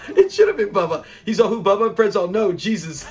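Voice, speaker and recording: A man's voice: high-pitched, big pitch swings, fast, a little hiss or hum. A man hosting a review channel, casually retelling an episode, acting out the characters' lines and laughing along. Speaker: show review channel host.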